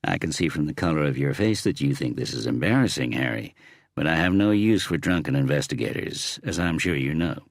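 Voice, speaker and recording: A man's voice: very deep voice, lively intonation, a little fast, no room sound, studio quality, heavily acted. A man voicing a blunt, assertive woman homicide inspector with an American accent. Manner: blunt, loud and clear.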